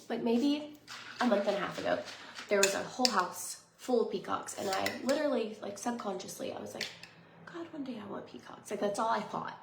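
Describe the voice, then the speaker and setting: A woman in her thirties talks in a casual vlog, bubbly and rambling, full of fillers, and sometimes dips into soft whispers. Her voice has a touch of vocal fry. The room is echoey, with a faint hiss behind her. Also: medium pitch. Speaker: lifestyle vlogger.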